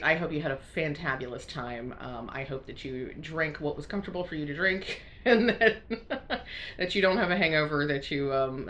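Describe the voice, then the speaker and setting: A woman's voice: deep voice, fairly bright tone, a little hiss or hum. A woman from the United States chatting casually to camera, rambling with lots of fillers and restarts, laughing often and sounding congested. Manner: frequent self-conscious laughter. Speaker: crafting vlogger.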